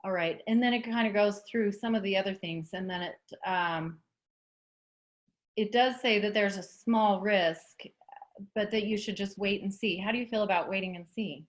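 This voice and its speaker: A woman's voice: medium pitch, moderate pace. A woman interviewing a guest, reading out information and responding supportively. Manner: supportive, reads out information, agrees often. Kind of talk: conversational interview.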